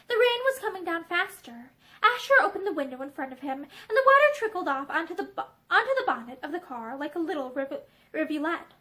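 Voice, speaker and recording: A young woman reading a novel aloud, with expressive, animated storytelling. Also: high-pitched, fairly quick, low-quality recording. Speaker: reader. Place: indoor room with bookshelves.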